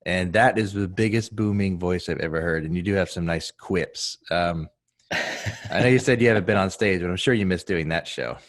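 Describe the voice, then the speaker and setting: Brief: man, deep-voiced podcast host, enthusiastic and playful. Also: moderate pace. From Texas. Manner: joking, enthusiastic questioner. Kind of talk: casual podcast interview. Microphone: video call.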